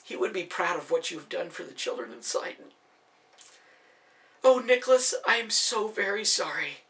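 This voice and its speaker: A man's voice: on the high side, steady tone, a little fast, gravelly, pushed and bright, voice pushed up. A man voicing an eager, emotional young woman who speaks urgently and from the heart. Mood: sorrowful.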